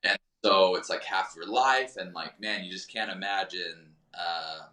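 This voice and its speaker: A man's voice: deep voice, unhurried, bright, forceful tone, distant mic, a little hiss or hum. A man speaking as a podcast guest in a candid, rambling and reflective way, with many fillers. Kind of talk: candid conversational chat. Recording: roomy sound from off the mic.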